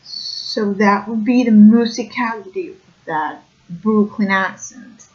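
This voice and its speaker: Woman, accent lesson, slow unhurried delivery, hesitant with fillers, slightly dull recording. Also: mid-range voice. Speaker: accent coach. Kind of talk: explanatory video lesson.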